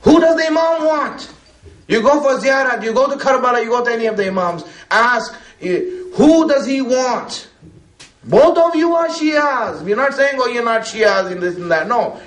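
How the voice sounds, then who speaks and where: Guy preaching to a crowd, high voice, chatty, keeps asking the room questions, lots of echo. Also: animated, unhurried, fairly bright tone. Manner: conversational, many fillers, asks the listeners questions. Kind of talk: religious talk to a gathering. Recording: roomy echo.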